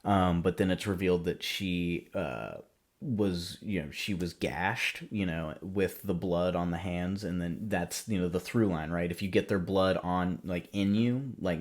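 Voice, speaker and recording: A man hosting a podcast, recapping a horror film in a casual, rambling way, full of "you know" and "like". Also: deep voice. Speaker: podcast host.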